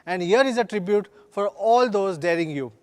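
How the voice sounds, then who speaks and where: Male executive, high voice, rousing scripted keynote, slogan-heavy delivery. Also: lively intonation, a little mellow. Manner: rousing, slogan-filled corporate pitch with measured emphasis. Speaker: company executive giving a product launch keynote.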